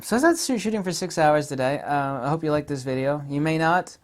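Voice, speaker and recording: A man, rambling excitedly through a camera lens review with gushing asides. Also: on the high side, brisk, few pauses, a little hiss or hum.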